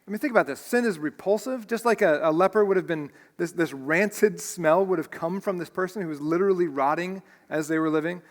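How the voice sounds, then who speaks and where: Earnest high-voiced pastor preaching in a hall. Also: male voice, fairly quick, few pauses. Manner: earnest, emotional preaching with repeated restarts. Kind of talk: sermon. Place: church sanctuary.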